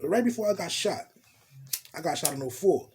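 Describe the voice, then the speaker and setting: A man telling a storytime tale in profane street slang, animated and blunt. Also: a little high, moderate pace, a little hiss or hum. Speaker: storytelling vlogger. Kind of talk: casual storytime monologue.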